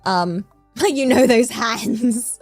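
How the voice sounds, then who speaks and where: Giggly animated woman streamer. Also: on the high side, very slow, faint music behind. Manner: animated, giggly, self-mocking. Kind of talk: casual chat with viewers.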